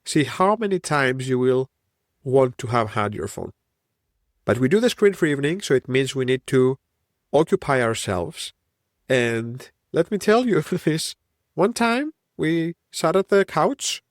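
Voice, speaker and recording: A man's voice: mid-range voice, very animated, unhurried, no room sound, clean studio sound. Greek-accented man musing on his podcast. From Greece. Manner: reflective, musing, wandering train of thought. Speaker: podcast host. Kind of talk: solo podcast monologue.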